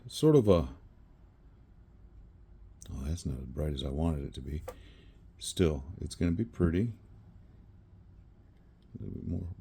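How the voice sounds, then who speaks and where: His voice low, dark, creaky and slightly rough, a resin crafter talks casually through a pour while filming on a tripod in his home workspace. He drifts off on tangents, corrects himself and laughs at his own slips.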